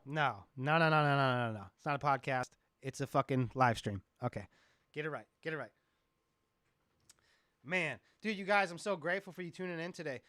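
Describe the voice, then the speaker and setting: A man's voice: a little high, fast, few pauses, a bit bright, dry recording, clean studio sound. A man who produces music, hosting a casual live stream, rambling, joking and swearing a lot. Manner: profane, rambling, joking with chat.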